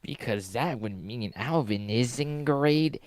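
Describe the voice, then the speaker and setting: A woman with a low voice reads fanfic dialogue at a slow, measured pace. The sound is dry and close. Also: animated, a little mellow, no echo. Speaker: fanfic reader. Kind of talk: comedic reading aloud.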